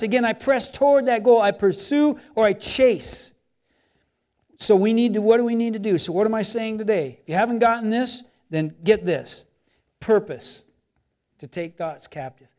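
A man with a notably high voice preaches as a pastor. His delivery is animated and conversational, and he voices people's anxious inner thoughts. He swings from emphatic, loud lines to soft, personal asides. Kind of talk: sermon.

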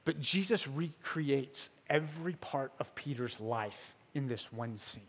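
A man giving a sermon as a pastor, telling the story casually with filler words and swinging between loud emphasis and hushed moments. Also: medium pitch, lively intonation, measured pace, husky, long reverb tail.

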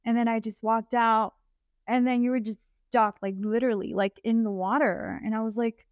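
A young woman with a slightly high voice chats with her best friend on a podcast, telling stories animatedly and acting out what each of them said back then. The recording sounds dull and lo-fi, yet close and dry. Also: moderate pace, no room sound. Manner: animated storytelling, quotes herself and friend, laughs often. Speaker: podcast host. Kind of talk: casual chat with a friend.

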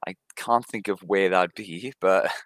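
A man's voice: low voice, fairly even intonation, a little slow, a bit bright, dry recording. A man from Wales with a light Welsh accent, co-hosting a podcast in casual chat, rambling with many fillers and restarts. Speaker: podcast co-host.

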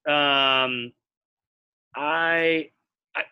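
A man's voice: a little high, fairly even intonation, extremely slow, clear, resonant tone, dull audio. An American man co-hosting a podcast, explaining things at length in casual chat while thinking aloud. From United States. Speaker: podcast co-host.

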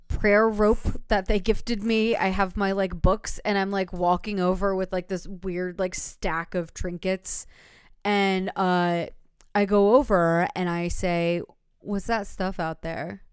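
A woman's voice: medium pitch, flat delivery, takes it slowly, clean tone, dry recording, clean studio sound. A young woman co-hosting a podcast, telling a long story in a rambling way, full of fillers and laughs. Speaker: podcast co-host. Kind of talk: casual podcast chat.

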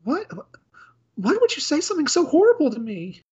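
Man in falsetto as a flustered, stammering maid. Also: wildly swooping pitch, brisk, a little mellow, exaggerated voice. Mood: pleading. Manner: squeaky, apologetic, stammering. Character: clumsy flustered young maid. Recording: dull lo-fi audio.

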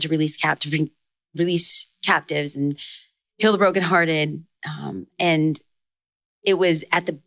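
Lively storytelling woman, lower voice. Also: no room sound. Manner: storytelling, fast bursts with excited rises in quoted lines. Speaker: podcast guest, author and speaker. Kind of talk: casual chat.

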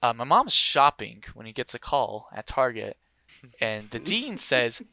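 Speaking a little slowly with vocal fry, a young man animatedly tells a casual story, swearing freely and doing other people's voices. His voice is mid-range, and the dry recording has its highs cut off.

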